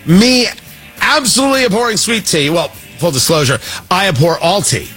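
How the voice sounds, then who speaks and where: A man's voice: high-pitched, moderate pace, fairly bright tone, faint music behind. A man hosting a talk show, giving sarcastic, mocking commentary that rambles with restarts.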